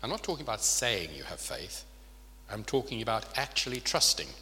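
A man's voice: on the low side, sing-song, brisk, bright, forceful tone. A man preaching a sermon in an earnest way, often asking his listeners rhetorical questions. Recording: long reverb of a large hall.

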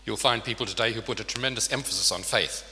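A man's voice: lowish voice, quick pace, pushed and bright. A man preaching a sermon in an earnest way, often asking his listeners rhetorical questions. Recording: long reverb of a large hall.

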